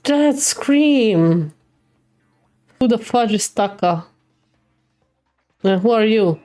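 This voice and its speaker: A woman's voice: medium pitch, a little slow, warm tone, dry recording. A young adult woman streaming a game live, reading the dialogue aloud and reacting emotionally between lines.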